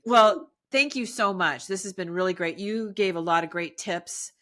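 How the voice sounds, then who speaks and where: A woman hosting a podcast interview, chatting casually and enthusiastically, wrapping up with warm thanks to her guest. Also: medium pitch, moderate pace. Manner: enthusiastic, effusive, laughs easily. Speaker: podcast host.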